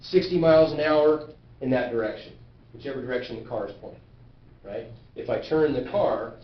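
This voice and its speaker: A man's voice: medium pitch, fairly quick. A male physics teacher lecturing a class, often asking questions and checking that students follow. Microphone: camera at a distance. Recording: roomy, distant, dull camera sound.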